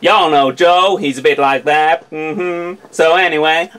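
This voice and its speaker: A man's voice: a little high, steady tone, measured pace, few pauses, fairly bright tone, clear, resonant tone. A man from Britain putting on an exaggerated fake Southern American drawl for a comic word-list reading, adding preacher-style asides. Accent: fake Southern American drawl put on over a British voice. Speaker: vlogger.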